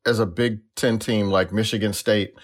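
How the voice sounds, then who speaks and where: A man's voice: on the low side, steady tone, moderate pace. A man co-hosting a sports podcast, blunt and joking in casual chat. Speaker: podcast co-host.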